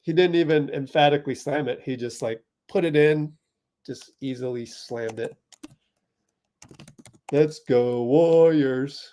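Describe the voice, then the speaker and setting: A young man from the Bay Area hosting a fan watch party, giving chatty live play-by-play that spikes with excitement on big plays. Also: medium pitch, normal speed.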